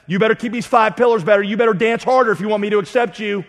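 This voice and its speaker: A preacher putting on the voice of a stern, demanding false god who scolds and threatens. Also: male voice, high voice, rapid-fire, in a large hall, voice pushed up, natural voice. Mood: scolding. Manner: pushy, scolding, emphatic.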